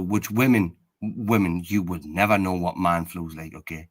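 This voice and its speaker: A man's voice: sits low, steady tone, normal speed, few pauses. A middle-aged man, rambling in casual chat and tagging most phrases with "right, okay?".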